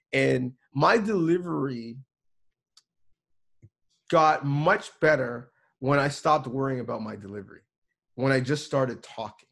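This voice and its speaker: A man's voice: medium pitch, creaky, husky. A man, a sports reporter and producer, giving earnest, emphatic advice to students over a video call, with frequent restarts.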